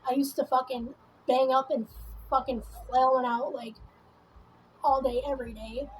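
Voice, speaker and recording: A woman's voice: high voice, level tone, normal speed, darkish tone, a little hiss or hum, low-quality recording. A woman vlogging in a casual, rambling monologue full of swearing and fillers while she does her makeup. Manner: rambling, profane, many fillers. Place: at home doing her makeup.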